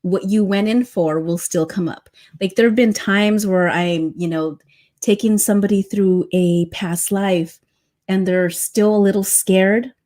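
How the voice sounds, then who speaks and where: A woman's voice: medium pitch, steady tone, measured pace, dark tone. A woman who guides past-life regressions, telling a story in a chatty way full of fillers. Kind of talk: casual storytelling on a podcast.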